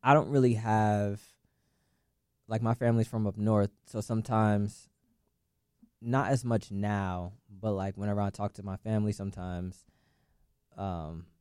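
A young man chatting casually in a laid-back, halting way. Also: fairly low pitch, fairly even intonation, warm tone, smooth, no room sound, clean studio sound. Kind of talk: casual chat.

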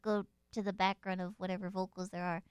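A woman's voice: medium pitch, little pitch movement, fairly quick, darkish tone, clean tone, dry recording, clean studio sound. A woman in casual chat, rambling with many fillers and laughing often. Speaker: guest dancer.

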